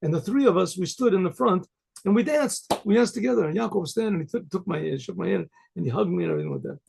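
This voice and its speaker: A man's voice: sits high, lively intonation, fast talker, background noise. A man, a rabbi, telling a story in a rambling, conversational way with frequent restarts. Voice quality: gravelly, husky voice. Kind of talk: storytelling talk.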